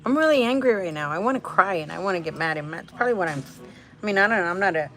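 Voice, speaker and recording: Low-voiced woman chatting in a vlog. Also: lively intonation, very fast, a bit bright. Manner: rambling, restarts, laughs often, mixes in Spanish phrases. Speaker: vlogger. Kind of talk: casual vlog chat.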